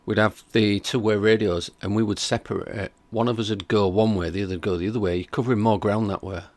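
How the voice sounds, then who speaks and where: A man's voice: on the low side, fairly even intonation, fast, darkish tone, no echo. A man hosting a reaction stream, chatting casually and skeptically while reading out viewer comments. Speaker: reaction video host.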